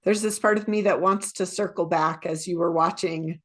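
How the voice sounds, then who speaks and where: A middle-aged woman co-hosting a podcast and training leaders, talking in a relaxed, candid way. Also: lowish voice, moderate pace. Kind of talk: casual podcast conversation.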